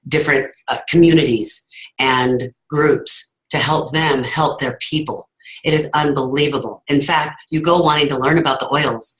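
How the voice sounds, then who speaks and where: A woman's voice: rumbling low, rough recording. A woman giving an earnest, emphatic motivational talk over a video call, telling her story to her team. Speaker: team leader hosting a call.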